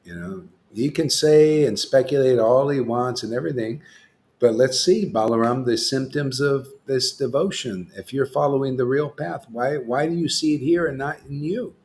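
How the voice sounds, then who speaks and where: A man's voice: mid-range voice, moderate pace, darkish tone. A man hosting a casual spiritual discussion, rambling and often saying "see" and "you know.". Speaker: host.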